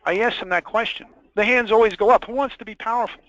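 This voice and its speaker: A man's voice: high-pitched, fast, a bit bright. A man presenting a sales training webinar, stressing and repeating his key points and asking the audience rhetorical questions. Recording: dull lo-fi dry webinar audio.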